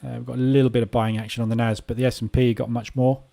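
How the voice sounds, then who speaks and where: A man hosts a live trading session and talks casually as he reads the market. His voice is dark and mellow, at a middling pitch. He thinks aloud, correcting himself mid-sentence. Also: little pitch movement, fast talker, vocal fry. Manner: casual, thinking aloud while watching charts. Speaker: trading room host.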